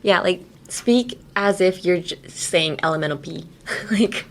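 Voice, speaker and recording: A woman's voice: lowish voice, measured pace. A woman hosting a podcast that teaches English pronunciation, chatting casually in a studio with lots of giggles and "like" fillers. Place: radio station studio.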